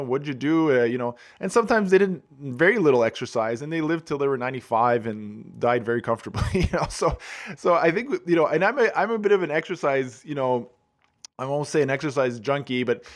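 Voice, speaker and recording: Middle-aged guy on a wellness podcast, chatty and laid back, rambles a bit. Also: medium pitch. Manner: relaxed, rambling, with frequent fillers and restarts. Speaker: wellbeing podcast host. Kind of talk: casual advice monologue.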